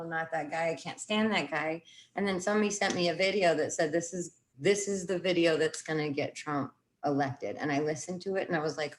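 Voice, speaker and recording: A woman in casual conversation, rambling and self-interrupting as she talks through her views and quotes her own past reactions. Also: lowish voice. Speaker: guest.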